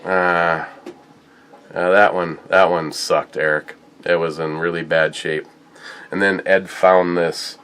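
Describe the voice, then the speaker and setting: A man talking casually in a tasting review vlog, telling stories in a rambling, halting way. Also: low-pitched, flat delivery, a bit bright, clear, resonant tone. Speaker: whiskey and beer reviewer.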